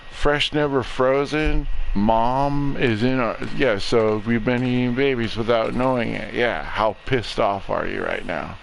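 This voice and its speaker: Young guy gaming streamer, slow drawl, swears a lot, rambly deadpan rant. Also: mid-range voice, creaky, a little hiss or hum, rough recording. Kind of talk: casual chat while streaming a game.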